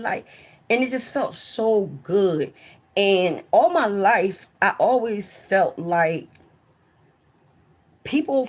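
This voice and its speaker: This livestreamer has a mid-range voice with a breathy edge. She recounts old job stories to her live audience casually and profanely, often speaking to them directly and getting loud and excited at the peak moments.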